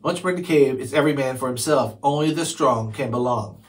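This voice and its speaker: A man's voice: medium pitch, fairly quick, lightly acted. A man voicing a bossy, bullying young Viking boy who leads the gang with menacing, sneering orders.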